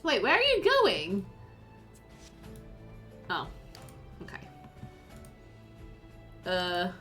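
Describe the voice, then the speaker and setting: A woman's voice: fairly low pitch, wildly swooping pitch, very slow, pushed and bright, faint music behind. A woman game streamer chatting casually with her live chat while playing, giggly and talkative.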